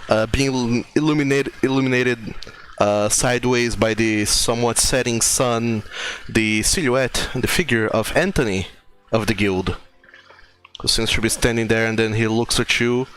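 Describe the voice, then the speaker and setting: A man narrating scenes as game master, relaxed and laughing easily. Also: mid-range voice, slight background noise.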